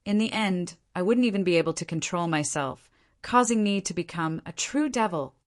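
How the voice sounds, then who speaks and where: A woman voicing a young male hero in an audiobook, turning over his fears inwardly. The thoughts come in a fairly low, even voice. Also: moderate pace, close to an everyday voice. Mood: brooding. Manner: inward, uneasy musing.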